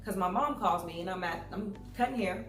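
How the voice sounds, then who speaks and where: Woman, thirties, lively storyteller on stage; echoey hall, faint music. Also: mid-range voice, brisk. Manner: animated, acts out voices in her stories. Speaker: public speaker. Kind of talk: storytelling talk to an audience.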